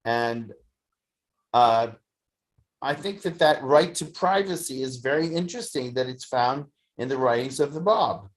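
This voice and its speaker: A teacher leads a study class at an unhurried, deliberate pace, with a voice of middling pitch. The delivery is halting and reflective, full of fillers and restarts as the thoughts take shape. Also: animated. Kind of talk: slow, thoughtful lecture. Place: study session streamed on video call.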